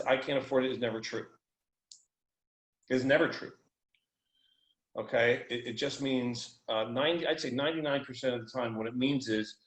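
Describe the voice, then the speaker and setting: An American man telling a story in a loose, animated way, with casual slang and swearing. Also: mid-range voice, roomy sound, low-quality recording. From United States. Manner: animated, informal, profane. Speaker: guest.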